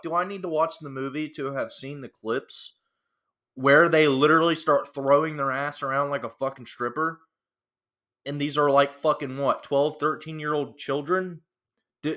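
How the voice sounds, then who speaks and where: A man's voice: a little high, fairly bright tone. A man delivering an angry, profane reaction rant, repeating himself as he works himself up. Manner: heated, profane and repetitive. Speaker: reaction commentator.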